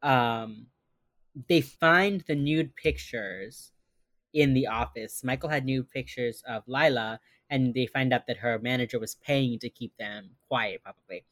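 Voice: medium pitch, measured pace, a bit bright, dry recording. A podcast host walks through an episode's plot scene by scene from notes, in a loose, chatty way full of fillers. The voice sits in a middle range and sounds dry and close. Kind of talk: casual chat.

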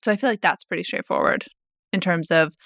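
A young woman co-hosting a podcast, discussing a book casually, thinking out loud and reading passages aloud. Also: lowish voice, brisk, creaky, dry recording, studio quality. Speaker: podcast co-host.

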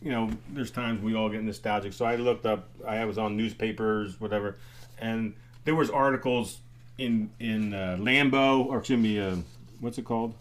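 In a fairly low, steady voice at a moderate pace, an older man who once worked as an athletic trainer swaps stories in a casual group chat. He laughs often and keeps starting his sentences over.

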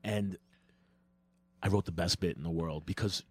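A man's voice: low voice, moderate pace, husky, no echo. A young adult man, a comedian co-hosting a podcast, telling rambling stories in casual chat. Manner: rambling, animated storytelling.

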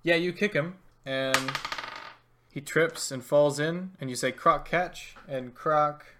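A man's voice: a little high, slow, background noise. A man running a tabletop game as game master, narrating the action in a laid-back way and chuckling often.

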